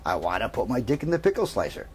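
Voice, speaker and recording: A man's voice: mid-range voice, wildly swooping pitch, slight background noise. A man voicing a nervous male patient who keeps stumbling over his words, in a told joke. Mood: sheepish. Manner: halting, repeats words. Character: stammering, obsessed male patient.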